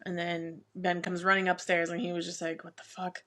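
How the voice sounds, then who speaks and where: A woman's voice: fairly low pitch, completely flat delivery, fairly quick, pushed and bright. A woman co-hosting a podcast, frankly chatting about a novel's plot with frequent laughs and filler words. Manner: laughs often, filler-heavy, frank and unfiltered. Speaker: podcast co-host. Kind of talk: casual book recap chat.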